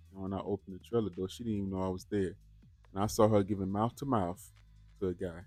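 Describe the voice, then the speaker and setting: A man's voice: sits low, a little mellow, no echo. A man hosting a reaction channel, talking casually and straight to his viewers, often repeating words as he goes. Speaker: host of a bodycam reaction channel.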